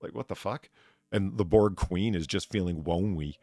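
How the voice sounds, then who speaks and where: A man's voice: low-pitched, normal speed, warm tone, no echo, studio quality. A man in casual chat, ranting and swearing as he rambles through restarts. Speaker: podcast co-host.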